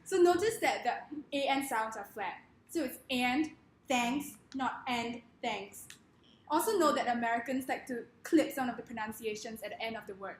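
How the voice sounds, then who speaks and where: A woman's voice: a little high, animated, fairly quick, a little hiss or hum. A young woman with a Singaporean accent giving a humorous speech in a playful, mock-grandiose way. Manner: playful, mock-grandiose, laughs between lines. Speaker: speaker giving a humorous talk. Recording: echoey room.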